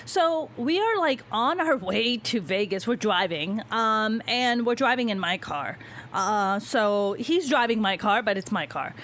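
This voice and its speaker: A woman's voice: a little high, a little slow. A young woman telling a story in casual chat, swearing freely and acting out the voices of the people in it. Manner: animated, swearing, acts out quoted voices. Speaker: podcast host telling a story.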